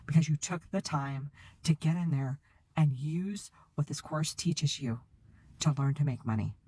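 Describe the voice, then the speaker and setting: Emotional middle-aged woman pitching her course. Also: vocal fry, darkish tone, slightly rough, no room sound. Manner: earnest and confessional, repeats herself. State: close to tears. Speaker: online business coach. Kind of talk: direct-to-camera sales pitch.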